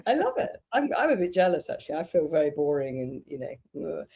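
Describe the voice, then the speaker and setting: An English woman hosts a live podcast stream, warmly effusive toward her guests. Her pitch sits a little low yet swings widely as she speaks, rising high on her enthusiastic greetings. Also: sing-song, quick pace, creaky, breathy edge. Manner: effusive, gushing with praise. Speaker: podcast host. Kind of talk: casual live-stream chat.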